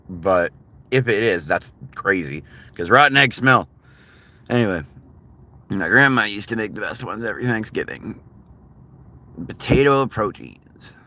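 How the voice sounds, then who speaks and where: Male streamer, loose and profane, bright and punchy delivery, casual chat with viewers. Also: fairly low pitch, unhurried. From United States. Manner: rambling, profane and laughing often. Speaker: livestreamer.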